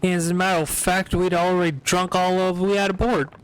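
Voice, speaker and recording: A man voicing a drunken, gruff male pirate sailor with slurred, old-timey seafaring speech. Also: high-pitched, flat delivery, brisk, voice pushed up, close to an everyday voice. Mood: boisterous.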